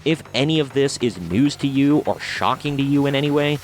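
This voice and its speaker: A man's voice: medium pitch, expressive, brisk, a little hiss or hum. A man hosting a commentary video, reading out news articles and adding blunt, sarcastic remarks of his own. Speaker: commentary channel host.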